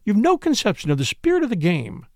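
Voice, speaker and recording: A bossy, opinionated middle-aged gossip who lectures everyone at the table, as a male reader puts her on. Her voice sits high and swoops widely in pitch. The reading is close and dry. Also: wildly swooping pitch, fast talker, no room sound, full character voice. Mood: scolding. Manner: insistent, lecturing.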